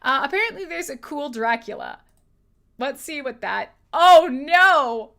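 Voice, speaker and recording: Bright, lively livestream host woman. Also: high-pitched, a little slow, vocal fry. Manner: playful, chatty, laughs often. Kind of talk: casual livestream chat.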